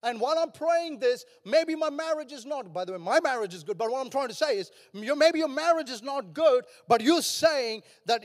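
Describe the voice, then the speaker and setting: An older man preaching a passionate sermon as a pastor, building at times to shouts. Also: very high voice, moderate pace, hardly any pauses. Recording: long hall reverb.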